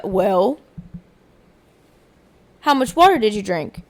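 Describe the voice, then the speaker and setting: A woman's voice: on the high side, very animated, a crowd in the background. A woman co-hosting a comedy podcast, joking crudely and playfully in casual chat. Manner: playful, crude, quick to joke. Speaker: podcast co-host.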